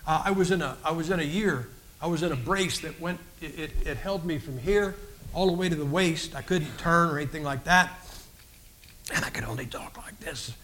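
A man preaching his personal testimony from the pulpit, folksy and earnest, often stopping to restart a phrase. His voice sits high and sounds bright and forceful. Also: brisk, a little hiss or hum. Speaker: guest preacher.

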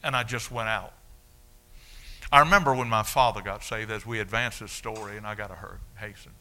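An older man preaching his testimony in a folksy, animated storytelling way. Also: fairly low pitch, fairly quick. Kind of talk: sermon testimony.

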